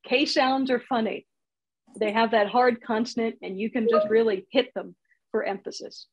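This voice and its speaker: A woman's voice: a little high, steady tone, moderate pace, dull audio, noisy background. A woman teaching comedy writing in a casual online workshop, chatty and laughing at her own examples, heard over a video call.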